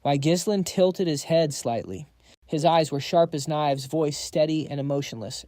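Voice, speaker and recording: A man narrating a comic recap in a casual, slangy way. His voice is fairly high but dark and mellow. The recording is close and dry. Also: moderate pace, no room sound. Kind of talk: scripted narration.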